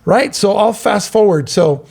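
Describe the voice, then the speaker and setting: The voice is high-sitting, gravelly, and husky, moving at a measured pace. He's a middle-aged Southern Californian podcast co-host casually telling a long story, animatedly acting out the quoted voices of its characters.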